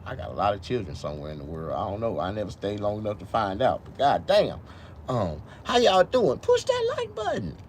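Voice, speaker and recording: Deep-voiced man rambling on a live stream. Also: a little fast, a little hiss or hum. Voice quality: speech loose from missing teeth. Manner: rambling, swears a lot, swings from low mumbles to loud excited outbursts. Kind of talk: casual live-stream chat.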